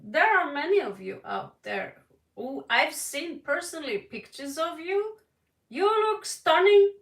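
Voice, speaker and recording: Animated Norwegian woman reading tarot. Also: high voice, measured pace, far from the mic. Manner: dramatic, emphatic, with sudden loud stresses. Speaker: tarot reader. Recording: echoey room, voice a bit off-mic.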